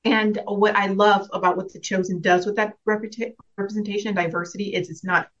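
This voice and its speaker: A woman's voice: mid-range voice, flat delivery, fast, fairly bright tone, highs cut off. A young adult woman, an actress guest, talking casually and earnestly in an interview, reflective, with frequent restarts and laughs.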